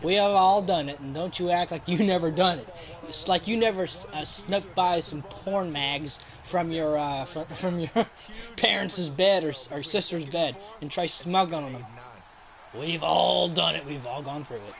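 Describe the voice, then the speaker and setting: A man's voice: on the high side, unhurried, creaky, a bit bright. Rambling, laughing young-sounding man. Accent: Boston. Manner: rambling, laughs often, trails off. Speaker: host. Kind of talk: casual chat.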